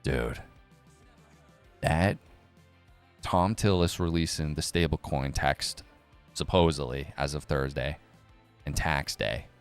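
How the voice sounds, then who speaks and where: A young man hosting a crypto news live stream, rambling casually with sarcasm, swearing and quick jumps between topics. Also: very deep voice, clear, resonant tone, faint music behind.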